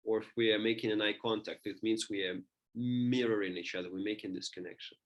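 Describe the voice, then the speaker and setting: Man lecturing, halting and thoughtful. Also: on the low side, steady tone, muffled recording. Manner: thinking aloud, many restarts and fillers. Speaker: teacher.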